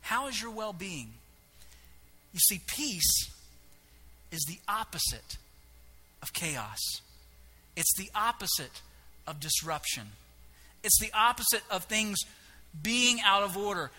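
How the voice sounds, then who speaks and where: A man preaching a sermon, animated and humorous, acting out biblical characters in quick asides. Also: high-pitched. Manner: animated, acts out voices of biblical figures with humor. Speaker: pastor.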